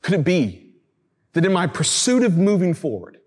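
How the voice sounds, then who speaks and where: A man's voice: high voice, sing-song, moderate pace, slightly rough. A male preacher giving a sermon in a casual, conversational way, with slang asides. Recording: reverberant hall.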